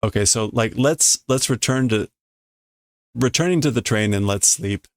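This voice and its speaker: A man streaming a casual read-through of a comic, translating line by line in a halting, self-correcting way and chuckling often. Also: mid-range voice, no echo. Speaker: streamer reading manga to learn a language.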